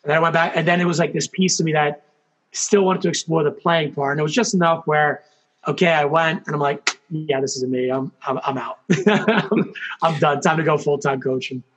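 A man telling his story as an interview guest, animated, acting out what people said, with lots of fillers. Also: fairly high pitch, a little fast. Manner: animated storyteller, acts out quotes, many fillers. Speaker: guest, hockey coach and former player.

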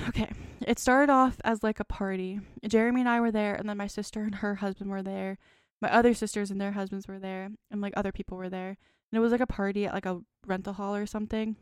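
Smooth-voiced woman in her twenties. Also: mid-range voice, dry recording, studio quality. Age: 20s. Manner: rambling, frequent "like" fillers. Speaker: podcast co-host. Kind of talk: casual chat, reading a dream journal.

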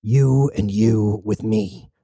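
A man's voice: on the low side, slow, creaky, warm tone, husky, dry recording, clean studio sound, full character voice. A man voicing a ruthless mercenary commander who speaks in curt, profane orders. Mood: gruff.

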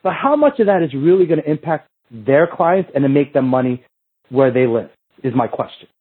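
A man's voice: fairly high pitch, lively intonation, brisk, slightly rough. A man talking as a guest on a show, telling rambling, profane stories and acting out both sides of old conversations. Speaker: fitness industry coach, podcast guest. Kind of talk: casual profane storytelling. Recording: tinny phone-like line.

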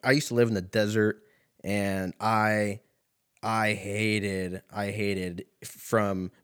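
A young man tells a funny story on his podcast, rambling and swearing freely with plenty of "like" and "uh". His voice sits on the lower side and flows loose and casual. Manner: rambling, profane, full of fillers. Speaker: podcast host. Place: laundromat.

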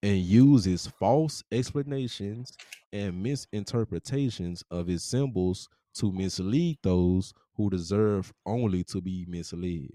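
A man with a low, mellow voice hosts a podcast, reading book passages aloud and breaking in with casual, profane remarks. The sound is dry and close, with no room behind it. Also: no echo. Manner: casual, profane asides between quotes. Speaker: podcast host.

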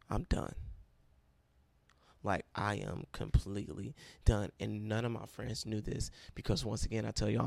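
Gravelly young man sharing a testimony. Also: lowish voice, a little mellow, dry recording. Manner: emotional and self-described dramatic, near tears. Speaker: college Bible study leader. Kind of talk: personal testimony storytelling.

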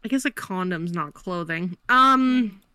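A young woman co-hosting a podcast in casual chat, answering a word game with cheeky, deliberate jokes. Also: fairly low pitch, lively intonation, pushed and bright, clear, resonant tone, dry recording, studio quality. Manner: jokey, slow and deliberate. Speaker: podcast co-host.

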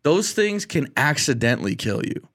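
Excitable man chatting, says "dude". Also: fairly high pitch, moderate pace. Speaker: podcast co-host. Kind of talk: casual chat.

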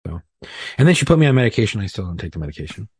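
A man's voice: on the low side, big pitch swings, rapid-fire, a little mellow, breathy edge, no echo. A man telling a personal story in a casual, rambling, profane way, often poking fun at himself. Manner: profane, rambling, self-deprecating. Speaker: podcast guest.

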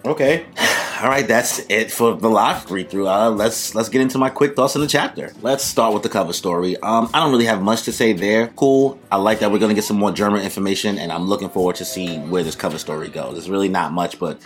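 A young man doing a live manga read-through, talking in excitable slang and laughing often. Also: on the low side, fairly quick. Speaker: manga reaction host.

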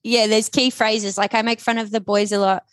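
A woman's voice: fairly high pitch, little pitch movement, moderate pace, no echo. A woman co-hosting a podcast, asking questions in a playful, teasing way. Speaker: podcast co-host. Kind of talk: casual interview chat.

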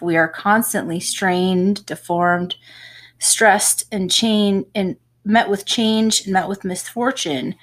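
A woman, a home health nurse, co-hosting a casual podcast and explaining at length with small laughs. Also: on the low side.

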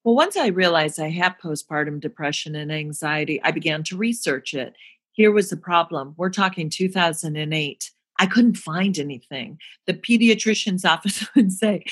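A woman guest speaks openly about a hard time in her life, with a voice set a little low for a woman. She talks earnestly and with feeling, now and then acting out what other people said. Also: moderate pace, a bit bright. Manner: earnest, emotional, acts out quoted voices. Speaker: guest, actress. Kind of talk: candid personal storytelling.

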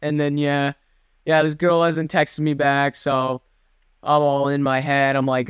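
A man's voice: on the high side, steady tone, slow, smooth, dry recording, clean studio sound. A young man co-hosting a podcast, telling a rambling, self-deprecating story in casual chat. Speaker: podcast co-host.

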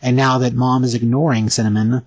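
Male co-host, casual comic recap, husky and dry, animated. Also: medium pitch, no room sound. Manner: animated, acts out comic dialogue in quick voices.

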